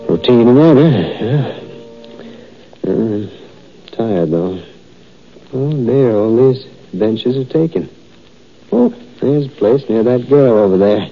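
A timid, stammering old schoolteacher. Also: male voice, mid-range voice, animated, slow, pauses often. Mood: musing. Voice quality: hesitant, stammering, mild-mannered. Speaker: teacher. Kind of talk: 1940s radio acting. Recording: dull old radio recording, faint music.

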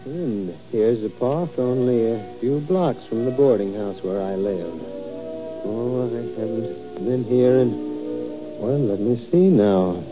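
A man's voice: medium pitch, slow pace, lightly acted. A man playing a mild, fussy old schoolteacher in 1940s radio acting, hesitant and prone to stammering, on a dull old radio recording with faint music. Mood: musing. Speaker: teacher.

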